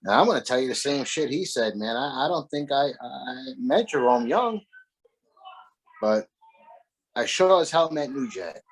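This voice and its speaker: Animated, swearing man telling stories. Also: mid-range voice, measured pace, husky. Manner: animated, profane, laughing storyteller. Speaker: guest, former wrestler. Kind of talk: casual storytelling interview.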